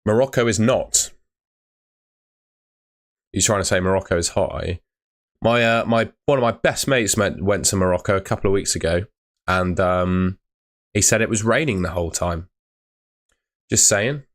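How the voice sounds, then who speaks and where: Speaking at a normal speed with frequent pauses, a deep-voiced man runs a relaxed fantasy football live stream. He reads viewer comments aloud in a loose, chatty way full of filler words.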